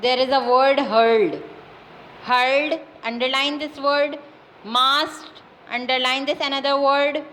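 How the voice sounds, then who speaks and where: A woman teacher with a Pakistani English accent giving a class lesson, dictating words slowly and repeating them with many fillers. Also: sits high, fairly even intonation, fairly bright tone, a little hiss or hum, rough recording. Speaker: school teacher.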